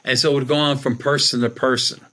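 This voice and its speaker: A man's voice: mid-range voice, flat delivery, fast, pushed and bright. A man guest, a psychic medium, telling a rambling personal story in a casual way and retelling what people said. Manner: rambling, retells dialogue with "she goes".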